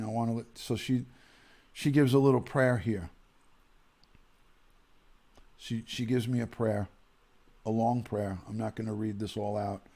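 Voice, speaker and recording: A man hosting a live stream, reading viewers' condolence emails aloud in a slow, emotional, halting way. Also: medium pitch, vocal fry, warm tone.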